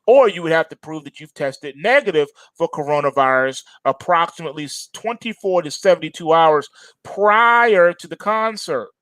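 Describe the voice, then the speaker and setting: A man's voice: on the high side, normal speed, sharp tone, no room sound. Sardonic man on market commentary. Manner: sardonic, emphatic, mocking.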